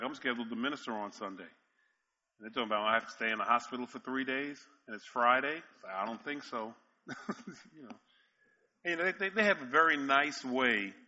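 A man's voice: medium pitch, bright, forceful tone, highs cut off, a little hiss or hum. A male pastor preaching a sermon, telling stories with emphatic repetition and frequent chuckles. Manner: storytelling, emphatic, chuckles often.

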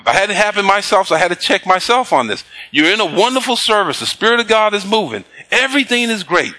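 A man preaching a sermon, reading scripture slowly and pausing to prompt the congregation with call-and-response questions. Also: sits high, very animated, bright, forceful tone. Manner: slow emphatic scripture reading. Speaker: pastor.

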